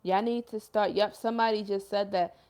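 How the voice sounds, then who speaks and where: A woman's voice: medium pitch, fairly even intonation, fairly quick, darkish tone. Emotional young woman on a livestream. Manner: earnest and emotional, slangy, often says "yo" and "y'all". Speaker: livestream host and self-described healer. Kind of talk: emotional casual livestream chat, reading viewer comments.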